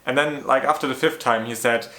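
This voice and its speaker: Brief: man, mid-pitched, exasperated casual storyteller, echoey room. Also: fairly even intonation, fairly quick, pushed and bright, a little hiss or hum. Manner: chatty, many "like" fillers, exasperated retelling. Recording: roomy echo.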